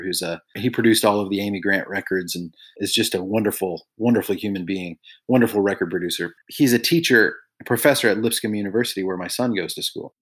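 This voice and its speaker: A middle-aged man speaks as a podcast guest, earnest and reflective as he tells personal stories. He livens up when he quotes other people, then settles back into a thoughtful, conversational tone. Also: fairly low pitch. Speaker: guest, songwriter and author. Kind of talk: conversational storytelling.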